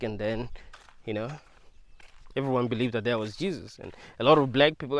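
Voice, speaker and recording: A man talking casually to his viewers in a rambling monologue, laughing often and leaning on fillers. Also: mid-range voice. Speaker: video creator.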